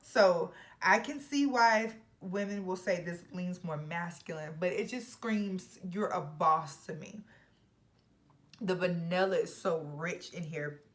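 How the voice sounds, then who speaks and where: A young woman talks straight to camera about fragrances in an emphatic, playful way. Her voice sits a little low for a woman, and she now and then drops into hushed, whispered asides. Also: takes it slowly. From Georgia, US. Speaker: fragrance reviewer. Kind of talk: casual chat to camera.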